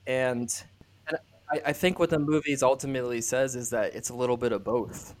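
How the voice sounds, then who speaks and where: A man's voice: mid-range voice, fairly even intonation, a little fast. A man co-hosting a podcast, chatting casually about a movie and retelling scenes with frequent restarts. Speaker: podcast co-host. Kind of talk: casual chat, film discussion.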